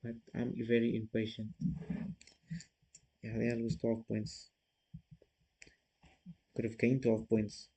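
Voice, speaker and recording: A man's voice: lowish voice, monotone, slow pace, long pauses, warm tone, slightly rough, low-quality recording. A man streaming chess, thinking aloud as he works through puzzle moves and talks casually to his viewers. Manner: self-critical, talks to viewers.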